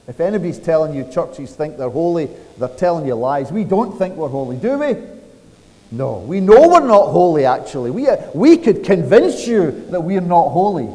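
A man's voice: on the high side, very animated, normal speed, dark tone, in a large hall, poor audio. A man preaching a sermon, retelling a story dramatically and asking rhetorical questions.

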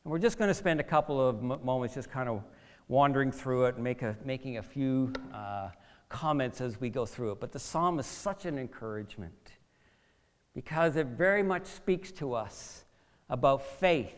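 A man's voice: medium pitch, expressive, normal speed, long reverb tail. A male preacher retelling a Bible story in the first person, in a theatrical but conversational way.

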